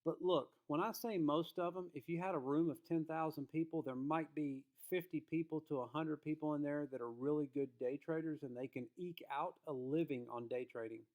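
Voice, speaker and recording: A man giving a casual trading lesson to his viewers. His voice sits a bit high. He talks in an emphatic, folksy way. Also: fairly even intonation, moderate pace, few pauses, phone-quality sound. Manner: emphatic, folksy, acts out quotes. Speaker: trading educator.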